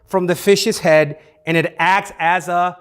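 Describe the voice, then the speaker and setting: A man's voice: high voice, fairly even intonation, unhurried, a bit bright, clean tone. A man leading youth group teaching in a playful, interactive way, having the room repeat key words.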